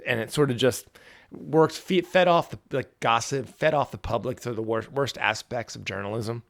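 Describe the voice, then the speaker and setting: Gravelly man rambling about a book. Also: mid-range voice, moderate pace. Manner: rambling, profane, frequent restarts. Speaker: podcast host. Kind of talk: casual book discussion.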